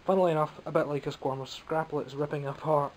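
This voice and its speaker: In a low-quality recording with slight background noise, a man from Scotland presents his newly bought toys, joking at his own expense in a casual vlog. His voice is a little high and steady, and he speaks at a quick pace.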